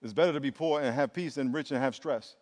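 A middle-aged man preaching a lively, emphatic sermon in a church, calling on the congregation to answer back. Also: medium pitch, fast. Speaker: pastor. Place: church sanctuary. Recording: long reverb of a large hall.

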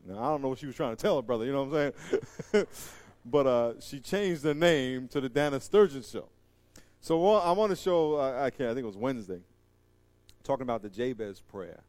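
A man preaching a sermon, animated and joking, swinging from loud emphatic lines to quiet asides. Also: medium pitch, brisk, dry recording. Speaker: pastor.

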